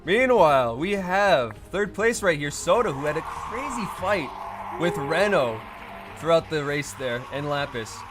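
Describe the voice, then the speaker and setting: Excitable young-sounding male stream host. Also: unhurried. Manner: excitable and joking, swearing, lively pitch swings. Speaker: race host and interviewer. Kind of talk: live-stream podium interviews. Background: music.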